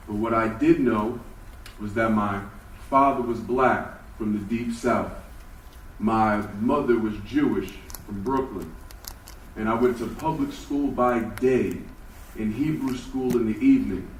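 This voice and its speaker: A man's voice: mid-range voice, a little hiss or hum. Man telling his story in a roomy hall. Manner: storytelling, shifts between hushed and emphatic. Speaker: speaker. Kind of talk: personal motivational talk. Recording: roomy hall from far off with faint ambience.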